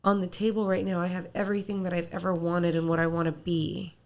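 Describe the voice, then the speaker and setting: A woman co-hosting a casual podcast, talking in a calm, self-assured way. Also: fairly low pitch, fast talker. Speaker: podcast co-host. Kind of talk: casual chat.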